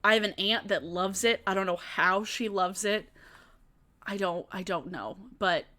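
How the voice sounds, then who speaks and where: Bright-voiced young woman chatting on a live stream. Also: mid-range voice, a little slow. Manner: chatty, laughs often, swears casually. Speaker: streamer answering chat questions.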